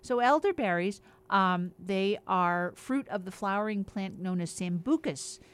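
Unhurried and animated, this woman's clean, mid-range voice carries a casual health explainer on a regular show, where she chats in an upbeat way and lists one example after another.

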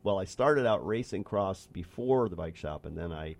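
A man's voice: deep voice, animated, normal speed, gravelly. A middle-aged man hosting a casual talk show, telling rambling cycling stories with repeated phrases. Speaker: podcast host and former bike racer. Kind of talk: casual conversational storytelling.

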